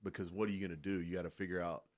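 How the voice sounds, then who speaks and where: A man's voice: sits low, little pitch movement, rapid-fire, no echo. A man hosting a real estate radio show, chatting casually with frequent restarts and fillers. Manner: jokey, laughs often, frequent restarts.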